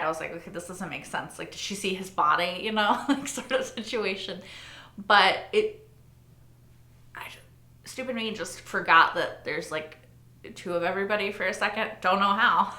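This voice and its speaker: A woman's voice: on the low side, sharp tone, echoey room. A woman hosting a reaction video, gushing and emotional, swearing casually as she talks. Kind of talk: excited casual reaction chat.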